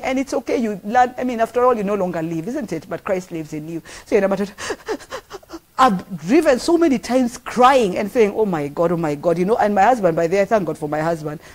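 A woman's voice: mid-range voice, a little mellow. A middle-aged woman with a Kenyan accent preaching a sermon, earnest and emphatic, repeating phrases for weight. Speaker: pastor.

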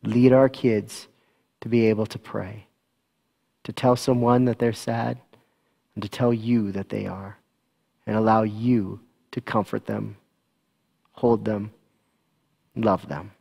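A man serving as pastor, giving church announcements and a gentle, slow children's talk with a prayer. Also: on the low side, level tone, creaky.

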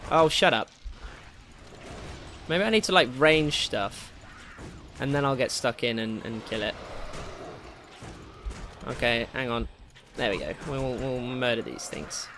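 A man giving casual, excitable commentary while playing a game, swearing and taunting enemies. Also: medium pitch, slow, long pauses, slight background noise. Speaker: gameplay commentator.

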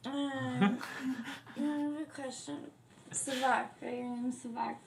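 A woman's voice: high voice, fairly even intonation, slow pace, creaky, a crowd in the background, full character voice. A woman playing a clingy, heartbroken young passenger in a comedy sketch, whining and pleading. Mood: melodramatic. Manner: melodramatic, swinging between whining and pleading. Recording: noisy sketch audio.

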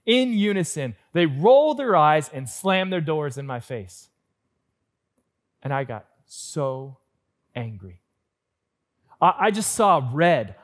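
A male pastor preaches a sermon with earnest, personal storytelling, swinging between lively stretches and hushed ones. His voice is a little high.

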